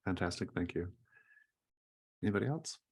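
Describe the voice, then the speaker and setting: A man game master running a tabletop game, giving brief quiet prompts to the players. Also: low voice, expressive, moderate pace, gravelly, slightly rough.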